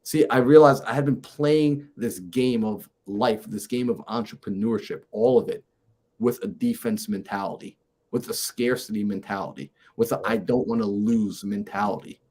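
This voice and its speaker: A man, a mindset coach and podcast guest, telling a personal story in a lively way and acting out the conversations in it. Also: lowish voice, moderate pace. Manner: lively, acts out conversations in his stories.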